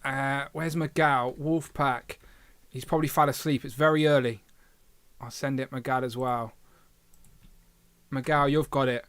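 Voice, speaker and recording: A man's voice: medium pitch, steady tone, measured pace, long pauses, a bit bright, clean tone, no echo. A man hosting a casual livestream, chatting and reading viewer comments aloud with filler hums. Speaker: livestream host.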